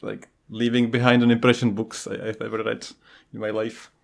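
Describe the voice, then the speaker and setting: A man co-hosts a book podcast, chatting casually and enthusiastically, giggling often and using many fillers. His voice is fairly low and gravelly, with a level tone and a slightly fast pace.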